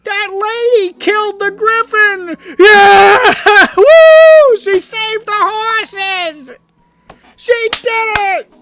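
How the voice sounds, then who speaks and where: A woman voicing panicky, drunken frontier townsfolk who holler in shrill, frantic yells. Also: extremely slow, few pauses, full character voice. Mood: cheering.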